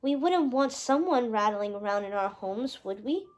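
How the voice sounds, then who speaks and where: A woman reading a storybook, voicing a kind, brave young princess who speaks softly and reassuringly. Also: a little high, expressive, normal speed, lightly acted. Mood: gentle. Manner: soft and reassuring.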